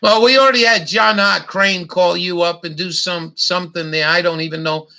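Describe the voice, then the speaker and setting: Middle-aged male streamer, sharp bright tone, blunt profane rambling. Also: high-pitched, steady tone, moderate pace, gravelly. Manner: blunt, profane, repetitive ranting. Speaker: livestream host. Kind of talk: casual livestream chat.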